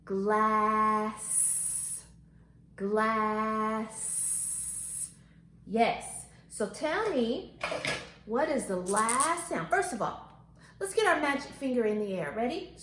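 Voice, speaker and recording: Animated teacher woman, sing-song voice. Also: on the high side, roomy sound, slight background noise. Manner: animated, sing-song, stretches words out slowly. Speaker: kindergarten teacher. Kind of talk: phonics lesson for young children.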